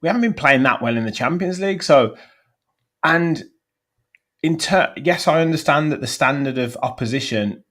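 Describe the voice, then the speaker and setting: A man's voice: on the high side, lively intonation, normal speed, a bit bright. A man, a guest fan on a football podcast, ranting bluntly about his team.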